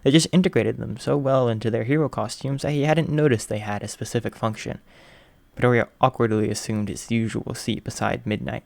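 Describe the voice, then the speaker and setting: A man narrating a fan fiction story in an even, unhurried reading. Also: medium pitch, creaky, no echo. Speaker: audiobook reader.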